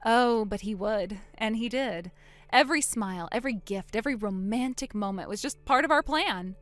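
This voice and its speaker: A woman voicing a calm, vengeful young woman who coldly springs a trap on her sister in a text-story drama. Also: mid-range voice, moderate pace, natural voice. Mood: cold triumph. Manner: cool, quiet, coldly sarcastic.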